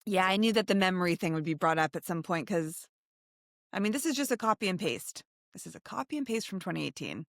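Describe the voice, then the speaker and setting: A woman with a very lively, bouncing voice reacts to a story with sarcasm and disbelief in a casual podcast chat. Her voice is dry and close, with no room echo. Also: on the low side, fast talker, creaky. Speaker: podcast co-host.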